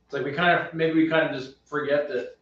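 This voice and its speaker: A man's voice: on the high side, fairly even intonation, quick pace, a bit bright. A man co-hosting a casual homebrewing podcast, easygoing and laughing along with jokes. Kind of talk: casual banter. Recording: echoey room, distant mic, dull lo-fi sound.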